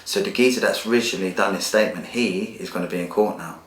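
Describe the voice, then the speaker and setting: A man speaks fast in a low voice as a podcast guest, recorded in an echoey room. He tells his life story candidly, blunt and emotional, with plenty of street slang.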